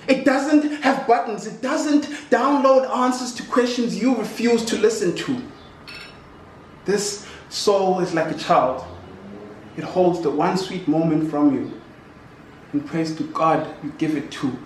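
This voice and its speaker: Young south african guy doing spoken word, high voice, super echoey room, mic far away. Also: a little hiss or hum. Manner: rhythmic, impassioned recitation with repeated refrains. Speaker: poet. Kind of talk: spoken-word poetry performance. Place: office room.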